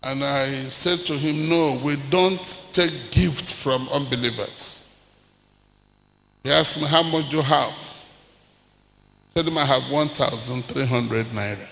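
An older Nigerian man preaching a sermon, telling stories with acted-out dialogue and rising to shouts. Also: mid-range voice, takes it slowly, creaky, pauses often, a little hiss or hum. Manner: animated storyteller, acts out dialogue, swings to shouting. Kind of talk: sermon with storytelling. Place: large church hall. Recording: echoey church hall with long reverb.

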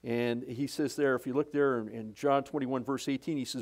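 A man's voice: medium pitch, fairly even intonation, normal speed, darkish tone. A middle-aged male pastor preaching a sermon in a conversational, folksy way, often restarting his sentences.

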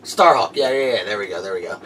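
A man reviewing a movie in casual chat, excitable and gushing, often exclaiming and laughing. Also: on the low side, fast, recorded from a distance, a crowd in the background.

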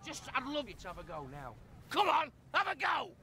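An actor playing an enraged, foul-mouthed football coach in a shouted half-time tirade. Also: male voice, high voice, very animated, fast talker, a little hiss or hum, exaggerated voice. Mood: furious. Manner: furious, abusive, shouting tirade. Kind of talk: film acting.

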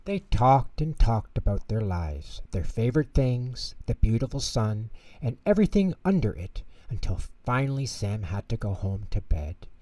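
Man, bedtime story narrator, lively pitch, mellow tone, dry slightly distant mic. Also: no room sound. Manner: expressive, measured storytelling. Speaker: storyteller host.

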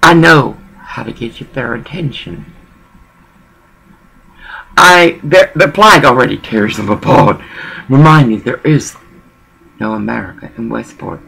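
A woman's voice: very deep voice, lively intonation, a little slow, gravelly, long pauses, a bit bright, husky, rough recording. A woman talking in a rambling personal monologue, emotional and digressive, often repeating herself.

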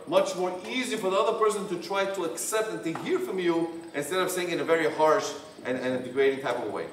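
A rabbi leads a couples workshop, reading out points and then restating them in plain, repetitive words. His voice sits a bit high for a man. He sounds far from the mic in an echoey room with a faint background hum. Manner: reads points aloud, then explains in plain repetitive phrasing. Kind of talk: workshop lecture.

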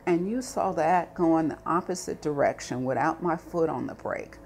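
A middle-aged woman recounting a personal story in an interview, animated and rising to anger as she recalls it. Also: deep voice, normal speed, slight background noise.

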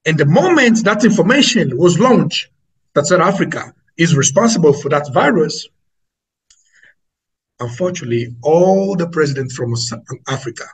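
A man's voice: on the high side, sing-song, normal speed, slightly rough, rough recording. A man with an Angolan accent preaching to an online audience, emphatic and repetitive, calling his listeners family.

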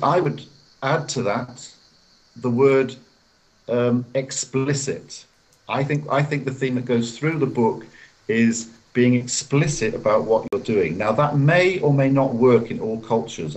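A man being interviewed as a guest author over a video call, explaining in a measured way and acting out example phrases. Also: medium pitch, poor audio. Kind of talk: interview answers. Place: hotel room.

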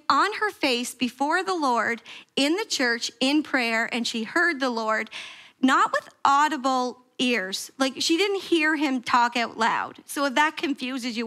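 Woman pastor, high and bright, animated sermon storytelling in church. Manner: animated storytelling, acting out quoted prayers with sharp pitch jumps. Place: church sanctuary.

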